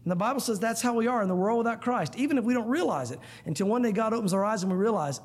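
A man's voice: sits high, rapid-fire, few pauses. A man preaching a sermon to a room of listeners, earnest and emphatic, often calling them guys. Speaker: pastor. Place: church room.

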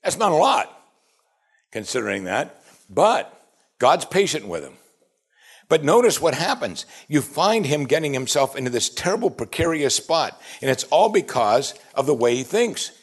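A man preaching a sermon, animated and asking his listeners one rhetorical question after another. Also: a little high, moderate pace, slightly rough. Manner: animated, asks the audience many rhetorical questions. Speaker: pastor.

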